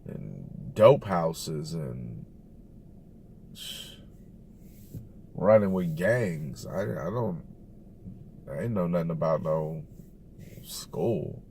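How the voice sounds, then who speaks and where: A man speaking slowly and candidly in a reflective personal monologue, recorded with loud car noise around him. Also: low voice, very animated, creaky. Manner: slow, thoughtful, candid. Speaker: realtor talking about family.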